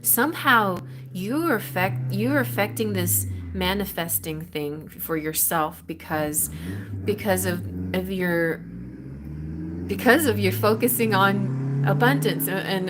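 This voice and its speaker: A woman with a somewhat low voice does a live-streamed tarot reading, speaking slowly and casually straight to the viewer. She rambles excitably, often breaking off and restarting phrases, against a noisy background.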